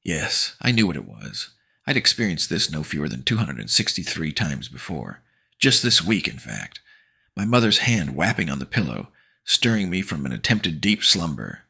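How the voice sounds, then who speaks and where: Super deep gravelly guy reading a kids horror audiobook, snarky teen voice, swoopy delivery. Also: very animated, normal speed, pushed and bright. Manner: sarcastic slangy teen banter. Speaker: audiobook narrator. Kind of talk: first-person audiobook narration as a teen boy.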